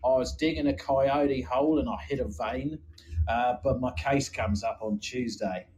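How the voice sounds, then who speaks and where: A man's voice: mid-range voice, moderate pace, darkish tone, lightly acted, rough recording. A man doing an Australian gold prospector in an improvised comedy sketch, with rambling, crude, swear-heavy banter. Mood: boasting banter. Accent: Australian, put on. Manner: rambling, swearing, crude comparisons ending in "mate". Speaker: podcast co-host.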